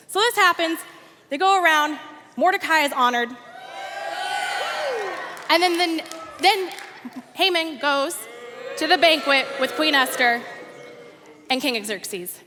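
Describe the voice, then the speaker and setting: A young woman telling a story to a youth group with a high, bright voice. She acts out the characters' lines as she goes. A long hall reverb trails behind her. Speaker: youth ministry coordinator. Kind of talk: youth sermon. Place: church worship hall.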